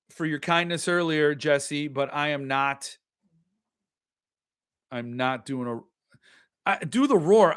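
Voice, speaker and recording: Chatty male host, slightly higher voice. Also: a bit bright. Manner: chatty, reacts to viewer comments, trails off and restarts. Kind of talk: casual livestream chat.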